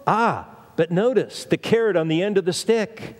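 A male preacher with a fairly high voice delivers a sermon, driving his points home through repetition and rhetorical questions. His words ring out with a long reverb, as if filling a large hall. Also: normal speed. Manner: emphatic, repeats phrases and asks rhetorical questions.

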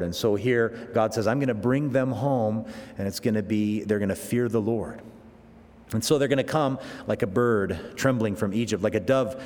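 Animated preacher in a reverberant hall, male. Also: fairly low pitch. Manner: animated, swings between loud emphatic peaks and quiet slow asides, many restarts. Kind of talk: expository sermon.

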